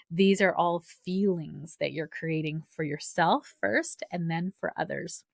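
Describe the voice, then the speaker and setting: A woman's voice: fairly low pitch, no echo, clean studio sound. A woman hosting a spiritual podcast, telling a personal story in a chatty, casual way with lots of fillers and restarts. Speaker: podcast host.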